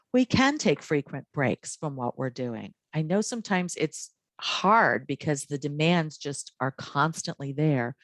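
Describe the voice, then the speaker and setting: A woman presenting a wellness training talk to healthcare workers in a calm, measured, encouraging way. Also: rumbling low, no room sound.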